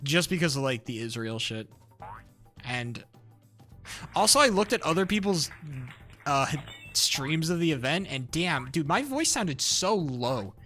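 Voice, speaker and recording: A man's voice: on the high side, big pitch swings, unhurried, pauses often, bright, forceful tone, faint music behind. A young man chatting casually on a live stream, rambling, restarting sentences and swearing a lot.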